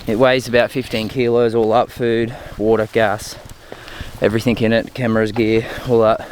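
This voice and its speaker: A man's voice: fairly low pitch, little pitch movement, moderate pace, darkish tone, slight background noise. Breathless Australian man hiking uphill. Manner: breathless between phrases, talking while climbing. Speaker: hiking vlogger. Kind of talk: casual vlog narration. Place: outdoors on a steep mountain trail.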